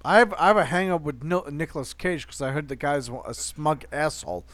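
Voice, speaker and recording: A man's voice: a little high, brisk, a bit bright, dry recording. A man co-hosting a podcast in casual chat, earnest and repetitive, often restarting his sentences. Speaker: podcast co-host.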